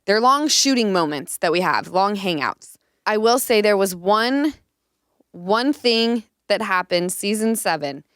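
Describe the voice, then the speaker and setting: A woman's voice: medium pitch, a little slow, smooth, no echo, clean studio sound. A woman in her thirties hosting a podcast, telling candid stories in casual chat with lots of "like" fillers. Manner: candid, animated storytelling with frequent "like". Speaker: podcast host.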